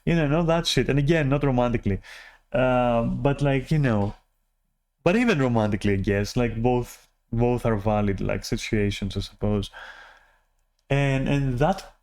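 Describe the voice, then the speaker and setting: A man's voice: mid-range voice, expressive, normal speed, darkish tone. Frustrated, swearing man ranting. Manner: profane, frustrated, rambling with many restarts. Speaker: vlogger. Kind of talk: rambling personal rant.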